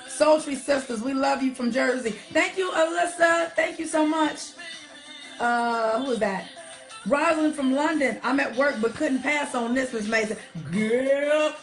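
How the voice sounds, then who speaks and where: A high-pitched woman hosts a casual live stream, greeting her viewers one by one in an affectionate, chatty way full of y'all and honey. Her voice comes through a webcam-style mic, with an R&B song playing faintly behind her. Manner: chatty and affectionate, calling viewers darling, girl and honey, heavy use of y'all. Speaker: live show host. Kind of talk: casual livestream chat reading viewer shout-outs. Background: R&B song playing softly.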